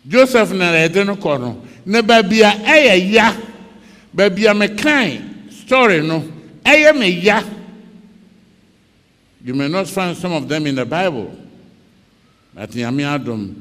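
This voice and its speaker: Ghanaian pastor, high voice, slow and dramatic storytelling sermon, big echoey hall. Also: male voice, a bit bright. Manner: dramatic storytelling preacher, acts out scenes.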